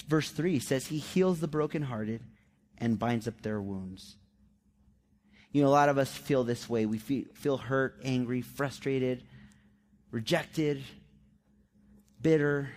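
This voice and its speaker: A man's voice: medium pitch, a little slow, long pauses, a little mellow. A male pastor giving a conversational sermon, acting out the quotes of everyday people in a raised voice.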